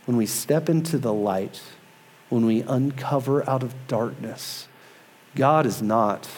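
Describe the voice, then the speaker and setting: A man in his thirties preaching a sermon, earnest and emphatic, easing into a soft, quiet tone for prayer. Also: mid-range voice, slow pace, breathy edge. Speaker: pastor.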